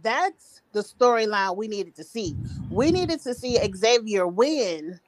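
A woman's voice: a little high, animated, takes it slowly, slight background noise. A woman hosting a casual recap chat over a video call, opinionated and blunt. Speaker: host.

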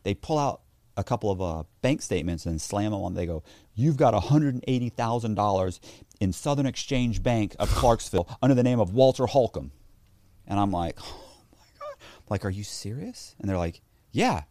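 A man with a low-pitched voice tells a story in a relaxed interview. He swings his pitch widely as he acts out the people he quotes. The recording is dry and close. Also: a little fast, no room sound. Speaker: interview guest. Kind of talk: casual storytelling.

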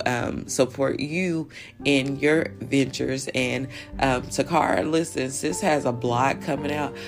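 A woman's voice: extremely low pitch, gravelly. A woman hosting a podcast, chatting casually with playful asides and laughs. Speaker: podcast host. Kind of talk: casual chat.

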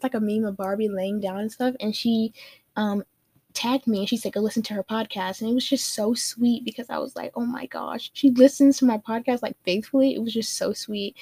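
A woman's voice: a little high, dark tone, husky, no room sound. A young adult woman hosting a casual solo podcast, chatting in a bubbly, gushing way and filling her talk with "like.". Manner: bubbly, gushing, heavy use of "like". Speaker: podcast host.

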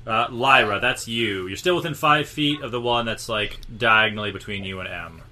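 Bright-voiced male game master. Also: fairly low pitch, moderate pace. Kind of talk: running a tabletop game.

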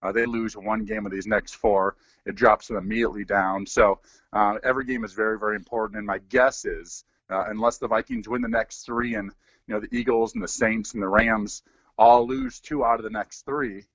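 A man in his forties, a former pro football player, talking through sports in a relaxed, rambling way with many fillers. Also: lowish voice, brisk, dry recording, dull audio. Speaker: former NFL player, guest analyst. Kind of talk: casual sports talk.

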